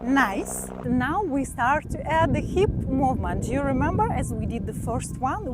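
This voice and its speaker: A woman's voice: high-pitched, animated, a little slow, hardly any pauses. Woman counting out a belly dance class. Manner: counts beats aloud and cues body posture. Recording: loud background noise.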